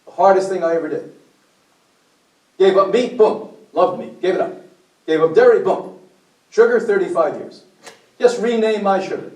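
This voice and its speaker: A man with a high voice lectures a group, blunt and preachy, putting questions to his listeners. He is heard from a distance in an echoey meeting room. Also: normal speed, long pauses, darkish tone. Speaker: speaker at a health meeting.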